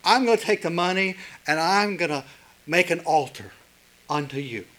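A man's voice: a little high, animated, normal speed, fairly bright tone, pitched above the performer's own voice, low-quality recording. A man voicing a doting mother who gushes over her grown son while preaching. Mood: gushing.

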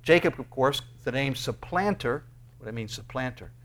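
A male pastor preaching an earnest sermon, with emphatic rises and quick bursts between quieter explanations. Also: mid-range voice, animated.

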